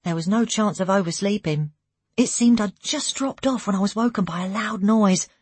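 A woman narrating an audiobook in the first person, steady and even, sometimes dropping to a hushed aside. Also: medium pitch, normal speed, breathy edge, dry recording.

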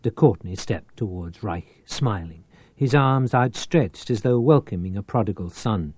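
A man reading a novel aloud as an audiobook narrator, with a measured, theatrical delivery. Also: fairly low pitch, expressive, a little mellow, breathy edge, no room sound.

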